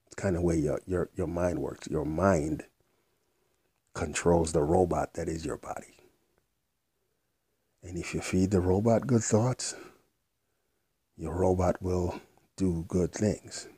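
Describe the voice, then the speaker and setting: Man for a rambling motivational vlog, deep husky voice, blunt and profane, very dry close sound. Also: fairly even intonation, slow pace, long pauses, mellow, no room sound. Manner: blunt, rambling, repeats himself, swears casually. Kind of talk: unscripted motivational monologue.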